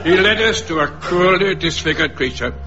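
A man narrating as a woeful, pompous Victorian gentleman in a comic radio play, melodramatic and lamenting. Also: high-pitched, expressive, normal speed. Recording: dull lo-fi recording with music.

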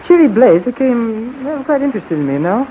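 A man's voice: extremely high pitch, very animated, fairly quick. A man with a British accent playing a chatty, boastful British officer in 1940s radio acting, heard on a dull old radio recording with faint hiss. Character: smooth-talking British officer, flirtatious and boastful.

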